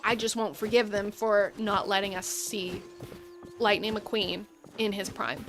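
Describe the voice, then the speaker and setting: A woman's voice: mid-range voice, level tone, measured pace. A woman streaming gameplay, chatting casually and rambling through enthusiastic tangents while seated at her gaming setup. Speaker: game streamer.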